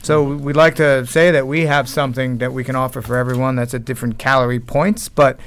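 A male guest on a talk show with a smooth, clear voice at a middle pitch. He answers carefully and with some hesitation, taking his time to explain. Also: fairly even intonation, a bit bright. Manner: measured, careful, a bit hesitant. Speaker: guest, restaurant company executive. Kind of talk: interview answers.

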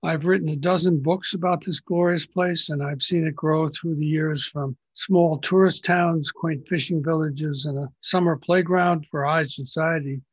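A man's voice: a little high, fairly even intonation, husky. Older man hosting a podcast. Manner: measured, scripted introduction then plain questions. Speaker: podcast host. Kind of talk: interview podcast. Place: his home.

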